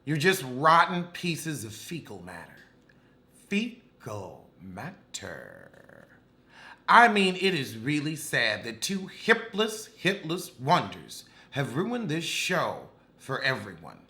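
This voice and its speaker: A man's voice: fairly high pitch, sing-song, a little slow, few pauses, pushed and bright. A man recapping a reality show with sassy, dramatic, cutting humor.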